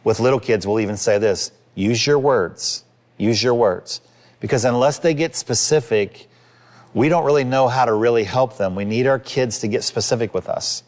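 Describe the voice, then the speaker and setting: A man's voice: medium pitch, fairly quick, a little mellow. A man in his fifties, a pastor giving a sermon in an earnest, conversational way, acting out little quotes.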